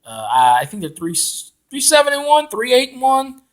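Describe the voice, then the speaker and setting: A man ranting as a football fan, loud and profane, with lots of fillers and restarts. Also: very high voice, huge pitch swings, moderate pace. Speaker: fan commentator.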